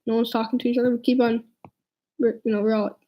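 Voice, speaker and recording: A woman's voice: fairly high pitch, flat delivery, quick pace, highs cut off. A teenage girl telling a storytime vlog, rambling along with lots of "like" fillers and restarts. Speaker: vlogger.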